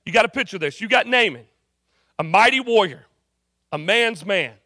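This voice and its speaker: A campus pastor with a high voice preaches a sermon in a university chapel at a moderate pace, recorded dry with studio quality. He tells the story in an animated, jokey way, acting out the characters' voices.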